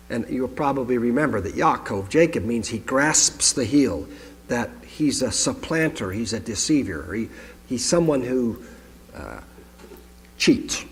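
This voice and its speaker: A man giving a conversational sermon to a congregation, reading scripture aloud and adding his own asides. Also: medium pitch. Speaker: pastor. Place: congregation hall. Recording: long hall reverb.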